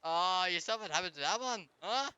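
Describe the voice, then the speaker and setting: A man's voice: high voice, animated, a little fast, pushed and bright, clear, resonant tone, no echo, muffled recording. A man streaming a live game, commenting as he plays, taunting enemies in a mock-polite way and swearing often.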